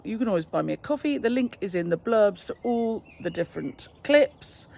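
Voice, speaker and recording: An English woman with a slightly gravelly, fry-tinged voice chats her way round her garden outdoors by the back door. She talks in a loose, rambling way, amused at her own asides, as a flower farmer showing off her pots. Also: medium pitch, a little mellow. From England. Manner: chatty, rambling, self-amused. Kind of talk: casual garden tour vlog.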